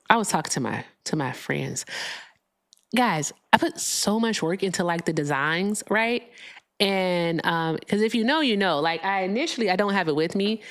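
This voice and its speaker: A woman hosting a live call-in stream in a loose, chatty way. She swears freely and heaps thanks on her viewers, with a voice of ordinary middle pitch for a woman. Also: a bit bright. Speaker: livestream host. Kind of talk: casual livestream talk.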